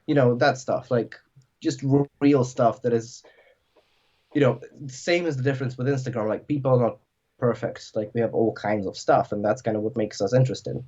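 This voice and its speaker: A man's voice: medium pitch, fairly even intonation, normal speed, dark tone. A man chatting casually as a podcast guest, rambling and filling his talk with "like". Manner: rambling, filler-heavy, lots of "like". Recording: dull lo-fi audio.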